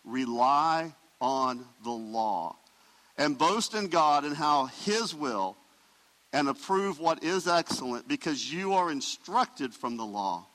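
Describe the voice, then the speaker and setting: Man preaching with ringing brightness. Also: fairly high pitch, expressive, a little slow, big-room sound, low-quality recording. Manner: emphatic preaching, swells and drops in volume. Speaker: pastor. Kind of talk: sermon.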